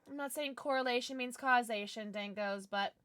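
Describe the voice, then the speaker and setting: A woman's voice: fairly high pitch, normal speed, no room sound. A young woman streaming a game from home, chatting casually with viewers in a bubbly, playful, slightly tipsy way, greeting new followers with little gasps. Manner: bubbly and animated, gasping and squealing at follows. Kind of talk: casual livestream chat with viewers.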